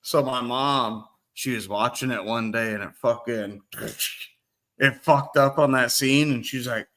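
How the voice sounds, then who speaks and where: A man with a bright, forceful tone chats casually on a podcast. He is laid-back and keeps calling the others dude. His stories come out loose and swear-laden. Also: medium pitch, a little slow. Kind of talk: casual chat.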